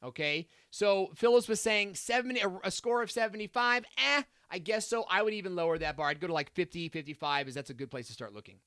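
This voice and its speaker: Bright, chatty man hosting a live stream. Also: high-pitched, animated, fast talker, hardly any pauses, clean tone, dry recording, studio quality. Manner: upbeat, chatty, many fillers and asides. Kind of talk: live-stream Q&A, reading viewer comments.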